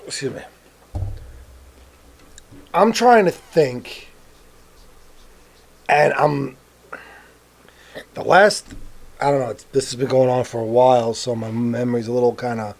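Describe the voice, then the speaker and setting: A man's voice: medium pitch, a little mellow. A man co-hosting a casual political chat, asking questions in a thoughtful way and searching for his words. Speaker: co-host.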